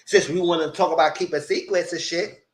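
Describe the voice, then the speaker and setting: A man giving a casual, animated live recap of a reality show, full of quoted asides. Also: on the high side, brisk, low-quality recording.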